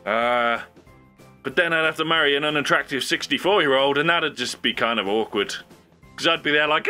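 A man's voice: a little high, moderate pace, soft background music. A young man hosting his own video, talking casually and rambling with frequent laughs. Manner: animated, rambling, laughs often. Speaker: YouTube host. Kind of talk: casual solo commentary.

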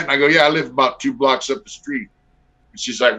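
A man's voice: medium pitch, a little fast, sharp tone. A middle-aged man telling stories on a video call interview in a blunt, profane, laid-back way full of fillers. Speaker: guest. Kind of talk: casual storytelling interview. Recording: dull lo-fi audio.

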